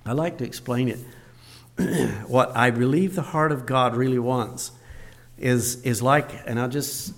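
An older man preaching a sermon in a folksy way, repeating his phrases and swinging between soft and loud. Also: mid-range voice.

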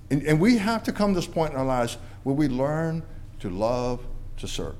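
Male preacher, somewhat high voice, emphatic sermon delivery with loud peaks and soft low endings. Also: big pitch swings, moderate pace. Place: church before a congregation.

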